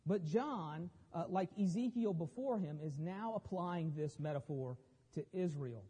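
A man's voice: on the high side, expressive, unhurried, dark tone, breathy edge, big-room sound. A man explaining a Bible passage in a conversational teaching style with wry asides.

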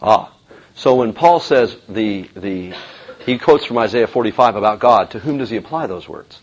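Man, Bible teacher, husky, lively pitch, emphatic, filler words, muffled lo-fi recording. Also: moderate pace. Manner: animated, emphatic, with frequent fillers. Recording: dull lo-fi recording.

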